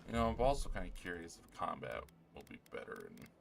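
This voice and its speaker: A man streams a video game, muttering casual, mildly grumbling remarks as he plays. His low voice has vocal fry and wildly swooping pitch at a fairly quick pace, captured on a streaming mic with background noise.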